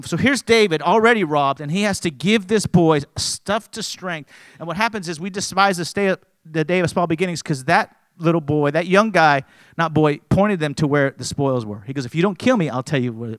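A pastor preaching a sermon, rising to loud emphatic peaks and dropping low, often restarting his words. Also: no echo.

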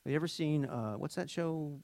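A man preaches a sermon in a high, bright-pitched voice. He sinks to hushed, tender lows, then climbs to loud, emphatic peaks and asks the congregation questions. The sound is dry and close, with little room echo. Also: fairly quick, gravelly. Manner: talks to the congregation, asking questions. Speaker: pastor.

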